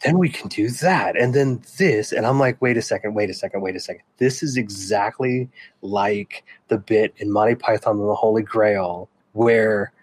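Lively man chatting about a show. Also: lowish voice, normal speed, husky, no room sound. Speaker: podcast co-host. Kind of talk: casual fan chat.

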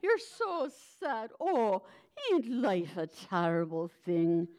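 A woman voicing a buxom, lusty young washerwoman crooning to a towel as if it were a baby, in a sing-song, drawn-out way. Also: medium pitch, very animated, darkish tone.

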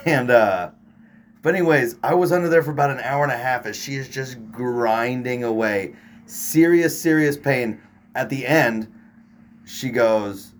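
A young man in relaxed podcast chat, rambling through a story with easy profanity. His voice sits at a middling pitch. A faint room hiss runs underneath. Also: a little slow. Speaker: podcast co-host. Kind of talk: casual chat.

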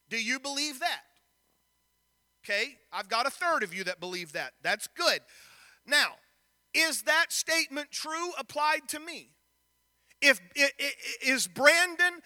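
A man's voice: very high-pitched, very animated, normal speed, pauses often, bright, forceful tone, in a large hall. A man preaching a sermon in a church, reading scripture and questioning the congregation directly. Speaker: pastor. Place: church sanctuary.

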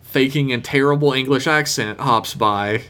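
A man's voice: medium pitch, normal speed, pushed and bright. A man co-hosting a podcast, chatting casually and jokily as he recaps a TV episode, laughing often and acting out quotes. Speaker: podcast co-host.

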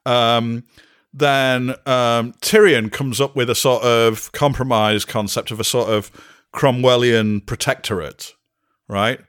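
A man's voice: mid-range voice, steady tone, takes it slowly, fairly bright tone, clear, resonant tone. A man co-hosting a podcast, recapping a show in casual chat with exasperated sarcasm and acted-out lines. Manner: exasperated, mocking, acts out characters' lines. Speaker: podcast co-host.

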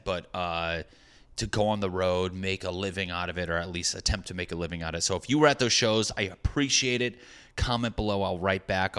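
A man's voice: sits low, pushed and bright, clean tone. A young adult man, a stand-up comedian, rambling through a profane, jokey casual monologue to his viewers.

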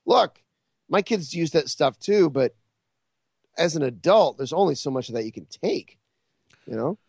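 A man's voice: on the high side, lively intonation, moderate pace, creaky, a little mellow, husky, no room sound, studio quality. A man co-hosting a podcast, chatting casually with joking, sarcastic asides. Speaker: podcast co-host. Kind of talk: casual chat.

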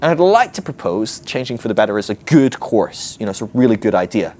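Talking fast in a lowish voice, a man leads a ministry class conversationally and with animation. He often voices the inner thoughts people might have, acting them out as quotes.

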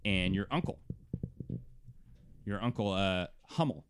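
A man narrating as game master of a tabletop game, telling the scene in an animated way and stretching out words. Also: low-pitched, a little hiss or hum. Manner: animated storytelling, drawn-out words.

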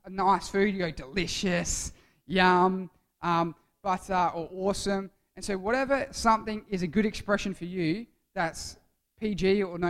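Youth preacher, male, high voice, jokey and interactive. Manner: playful, jokey, quizzes the audience.

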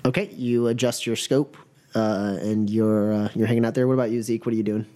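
A man's voice: on the low side, fairly even intonation, a little fast, dark tone. Casting: laid-back male game master narrating scenes, lots of fillers. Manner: casual, filler-heavy narration.

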